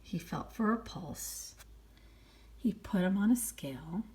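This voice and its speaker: Expressive woman reading a children's book. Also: medium pitch, slow pace, in a whisper. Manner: expressive, playful, sighs and exclaims. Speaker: storyteller. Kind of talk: children's picture book read-aloud.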